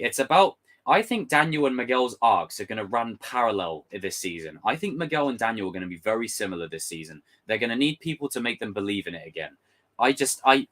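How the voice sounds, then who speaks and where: A young man passionately breaking down a trailer for his viewers, excitable and swearing freely. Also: medium pitch. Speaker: pop culture commentator.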